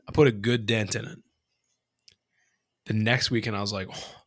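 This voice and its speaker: A man's voice: on the low side, normal speed. A man co-hosting a casual podcast, telling a childhood story with lots of swearing and acted-out voices. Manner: animated, profane storyteller acting out voices. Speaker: podcast co-host.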